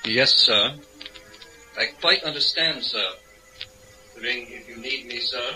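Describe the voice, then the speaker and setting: A polite, formal butler in an old radio play. His speech is quietly deferential and measured. Music plays in the background. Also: medium pitch, low-quality recording. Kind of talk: radio drama acting.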